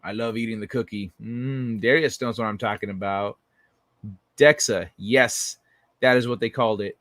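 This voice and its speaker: A man's voice: fairly low pitch, steady tone, normal speed, a bit bright, dry recording. A young adult man hosting a late-night livestream, chatting casually and reading viewer messages, loose and profane, rambling with many restarts. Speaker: livestream host.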